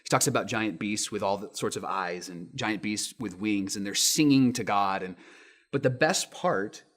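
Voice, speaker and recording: A man in his thirties, a pastor giving a sermon with lively storytelling, acting out quotes in raised voices. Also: on the low side, normal speed.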